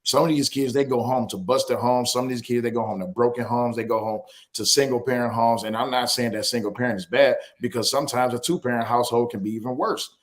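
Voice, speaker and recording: Fast-talking, blunt, profane man. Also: medium pitch, steady tone. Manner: blunt, profane, emphatic, repeats phrases for stress. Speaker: podcast host. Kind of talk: casual discussion.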